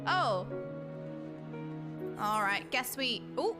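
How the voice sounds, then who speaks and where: Young woman streamer, high bright voice, expressive and exclamatory; relaxed pace over soft game music. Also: unhurried. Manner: animated, exclaiming, reacting to the story. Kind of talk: casual live game commentary.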